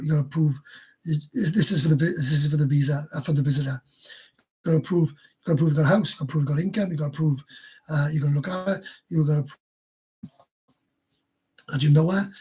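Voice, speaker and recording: This is a Welsh man hosting a loose livestream, his voice deeply husky and worn. He sits a little higher in pitch than most men and rambles as he talks, swearing casually and doubling back on half-finished phrases. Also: a little mellow. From Wales. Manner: rambling, swears freely, stumbles and repeats words. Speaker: livestream host. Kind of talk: casual livestream chat answering viewers.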